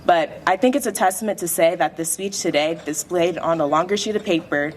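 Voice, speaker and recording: Low-voiced teen girl reading a speech. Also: a little fast, a little hiss or hum. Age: late teens. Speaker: graduating student speaker. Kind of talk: prepared speech read aloud. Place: school awards dinner.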